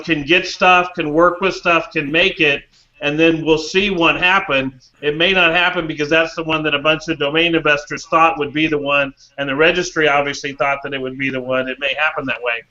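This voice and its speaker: Bright sharp voiced guy on a panel, thinks out loud, dull call audio. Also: fairly high pitch, fairly even intonation, moderate pace. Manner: thinking aloud, trailing restarts. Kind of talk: casual panel discussion.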